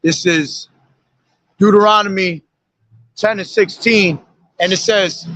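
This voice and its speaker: A man with a high, bright, ringing voice preaches from scripture. He reads each verse slowly, then breaks it down, asking "okay?" and "all right?" again and again. The sound is dry and close, with no room around it. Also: steady tone, no echo. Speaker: street preacher. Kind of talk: street preaching, reading and explaining scripture.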